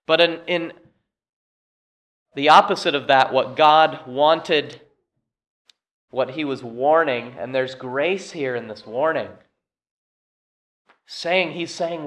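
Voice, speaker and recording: A man preaches in earnest, pressing points loudly and then dropping to a hush. His voice is bright and forceful and sits a touch high. It is a sermon delivered with conviction. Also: slow pace, long pauses. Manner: earnest, emphatic preaching that swings between loud and hushed. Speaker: pastor.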